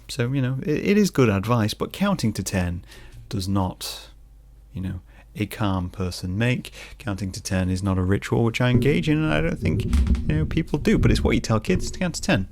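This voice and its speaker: A man in his thirties talking in a casual, rambling vlog monologue, self-deprecating and jokey, sometimes dropping to a soft near-whisper. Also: medium pitch, expressive, moderate pace, gravelly. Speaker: vlogger.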